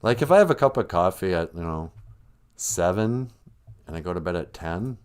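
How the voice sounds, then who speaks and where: A man's voice: deep voice, animated, moderate pace, clean tone. A man hosting a livestream, spinning a rambling, jokey story on the fly and slipping into silly voices for the characters. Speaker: livestream host. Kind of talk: casual comedic storytelling.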